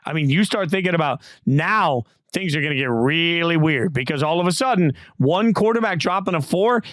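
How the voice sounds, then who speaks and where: A middle-aged man hosts a casual sports podcast, racing through lively stories. His voice sits a bit high for a man, and it bounces up when he acts out other people. The recording is dry and close. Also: no echo. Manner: animated storyteller, playful voice jumps. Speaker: podcast host.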